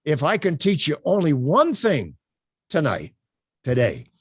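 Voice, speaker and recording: Animated man teaching a webcam workshop. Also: on the high side, measured pace, husky, no echo, clean studio sound. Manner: animated, emphatic, with frequent uh fillers. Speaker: workshop instructor. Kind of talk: live online workshop teaching.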